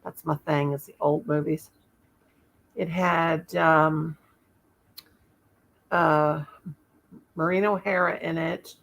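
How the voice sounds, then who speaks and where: A woman's voice: deep voice, steady tone, slow pace, vocal fry, pauses often. A woman hosting a casual live stream from home, rambling and chatting with viewers and often stopping to search for words. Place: home, in the dark with one light on.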